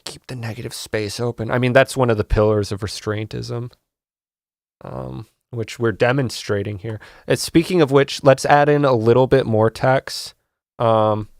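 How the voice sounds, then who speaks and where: Male host, gravelly voice, dry close mic, rambling mock-serious tutorial with frustrated swearing. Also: medium pitch, steady tone, a little slow, no room sound. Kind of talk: casual comedic screen-recorded tutorial.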